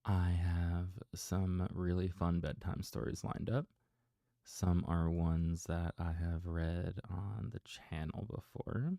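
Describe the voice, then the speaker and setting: A man hosting a casual bedtime story livestream, chatty and gentle, who laughs softly to himself while he reads. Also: deep voice, fairly even intonation, slow pace, creaky, no room sound, studio quality.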